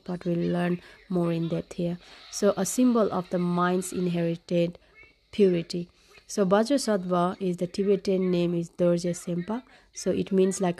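A woman with a fairly low voice reads a text aloud in a relaxed, casual way. She stops now and then to explain it in simple words, and she is sick with a cough. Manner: reads from a web page, adds plain explanations. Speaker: parent and vlogger.

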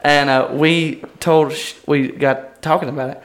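A man's voice: fairly high pitch, steady tone, a little slow, few pauses. A man, chatting and telling jokey stories as a podcast co-host. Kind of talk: casual chat.

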